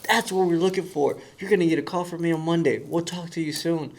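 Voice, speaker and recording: A man telling a story in casual conversation, animated and acting out the voices of the people in it. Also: on the high side, quick pace, creaky. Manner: animated storyteller who acts out quoted voices. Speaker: guest.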